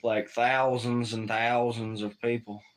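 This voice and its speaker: A man's voice: medium pitch, level tone, slow. A man hosting a casual livestream, rambling and swearing while he reads chat aloud. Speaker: livestream host.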